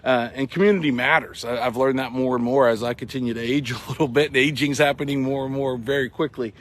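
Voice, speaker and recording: Upbeat middle-aged male host, winded, casual live talk, lots of ums, mid pitch. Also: fairly even intonation, fast talker, fairly bright tone, a little hiss or hum. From Massachusetts. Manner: upbeat, chatty, many ums and uhs. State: sweating and out of breath. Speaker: real estate broker hosting a morning show. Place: outdoors at a baseball field.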